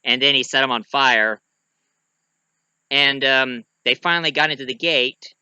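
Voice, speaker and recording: A man's voice: mid-range voice, a little slow, sharp tone, clear, resonant tone, no room sound, poor audio. A man giving a casual, rambling movie review, full of fillers and restarts, who keeps acting out lines.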